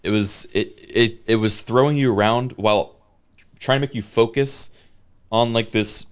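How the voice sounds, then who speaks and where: A man with a very low voice co-hosts a casual podcast chat. He often stops and restarts while hunting for the right word. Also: clean tone. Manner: halting, searching for words. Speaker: podcast co-host.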